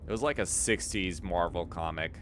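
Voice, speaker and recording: A man's voice: low-pitched, moderate pace, slight background noise. A young man streaming a video game, chatting casually, swearing and laughing easily. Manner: animated, profane, laughs easily. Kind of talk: casual gameplay commentary. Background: game music.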